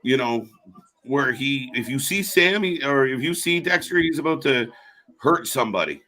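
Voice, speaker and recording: A man's voice: medium pitch, animated, moderate pace, sharp tone. A man co-hosting a live reaction stream in casual, jokey chat that trails off into fillers. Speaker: co-host of a live wrestling watch-along stream.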